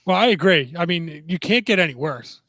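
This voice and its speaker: A man's voice: on the high side, lively intonation, brisk, bright, forceful tone, dry recording. A man co-hosting a casual sports podcast, skeptical and full of pointed questions. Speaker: podcast co-host.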